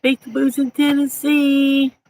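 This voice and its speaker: A woman's voice: sits high, little pitch movement, unhurried, a little mellow, poor audio. A woman with a Southern US accent hosting a casual live stream, reading viewer comments in a chatty, folksy way and laughing often.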